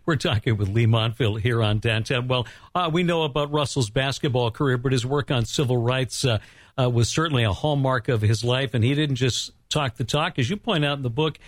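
A man's voice: mid-range voice, a little fast, no echo, studio quality. A man hosting a radio interview, asking a guest prepared questions. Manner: laughs along, reads prepared questions. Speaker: radio host.

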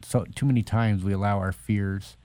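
A man with a low, mellow voice speaks as a guest author. He tells personal stories earnestly and slips into the voices of people he quotes. The sound is close and dry. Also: steady tone, normal speed, no room sound. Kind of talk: conversational interview.

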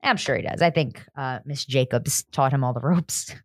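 Deep-ish woman cracking dry jokes, swoopy delivery, dead dry sound. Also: moderate pace, no echo. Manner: dry, teasing quips. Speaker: podcast co-host. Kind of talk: casual chat.

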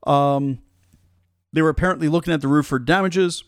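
A man's voice: fairly high pitch, fairly quick, clean tone, no room sound, studio quality. A male podcast host giving casual commentary with frequent fillers.

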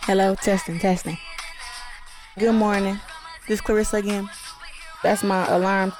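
A woman's voice: mid-range voice, flat delivery, moderate pace, over music. Teen girl talking into a tape recorder. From Flint, Michigan, United States. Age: teens. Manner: casual, plainspoken, reflective. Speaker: boxer keeping an audio diary. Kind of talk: personal audio diary. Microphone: handheld tape recorder.

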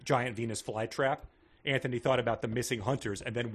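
A man's voice: medium pitch, fairly even intonation, brisk, husky. A man co-hosting a podcast, reading a book aloud and riffing on it with frequent fillers. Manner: rambling, frequent fillers and laughs. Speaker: podcast co-host.

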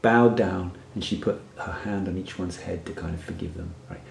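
A man's voice: sits low, normal speed, gravelly, darkish tone, reverberant, a little hiss or hum. A man who works as a workshop facilitator tells a personal story in an earnest, reflective way and often checks in with "right?".

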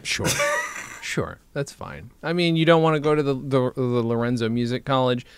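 A man co-hosting a casual podcast, animated and laughing often, sometimes dropping into low, quiet asides. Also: normal speed, background noise. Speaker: podcast co-host.

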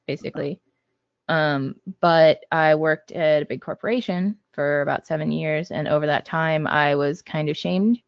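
A man, a game designer guest on a podcast, talking in a measured way with frequent ums. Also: fairly high pitch, creaky, clear, resonant tone, no room sound. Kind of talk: casual podcast chat. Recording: dull, dry lo-fi audio.

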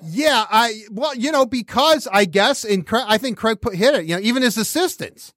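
A man's voice: high-pitched, expressive, moderate pace, a bit bright, no echo, clean studio sound. A man hosting a podcast in casual sports chat, rambling with many restarts and laughing as he talks. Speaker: podcast host.

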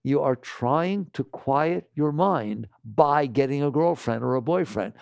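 Gravelly man giving a spiritual talk. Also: mid-range voice, unhurried, no room sound, clean studio sound. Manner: animated, acts out imagined voices, laughs often. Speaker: spiritual teacher.

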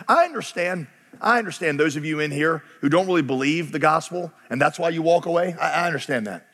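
A man preaches a sermon in a high voice, building to impassioned shouts before falling back low and fast. His words ring through a church sanctuary with a long reverb. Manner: impassioned, rising to shouts, then dropping low and quick. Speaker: pastor. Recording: long reverb of a large hall.

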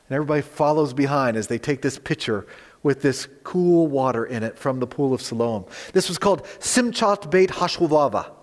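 A male pastor with a slightly high voice preaches a sermon in a large hall. He's animated, his voice surging loud on quoted words, and he turns to the congregation with conversational asides.

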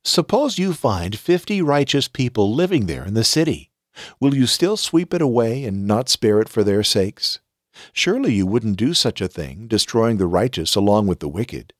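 A man's voice: on the low side, big pitch swings, moderate pace, dry recording, studio quality. A man reading the part of an elderly patriarch in scripture, earnest and imploring. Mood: pleading. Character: pleading elderly male patriarch bargaining.

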